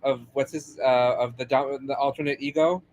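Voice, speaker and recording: A man co-hosting a podcast in casual chat over a remote call, teasing and chatty with halting restarts. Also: medium pitch, fairly even intonation, a little mellow, dull audio. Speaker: podcast co-host.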